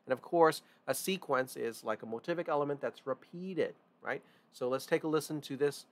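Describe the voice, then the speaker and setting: A man's voice: a little high, moderate pace, few pauses. A man teaching a music theory lesson in a loose, informal way. He repeats and stresses key points and often restarts his sentences. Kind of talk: casual online lesson.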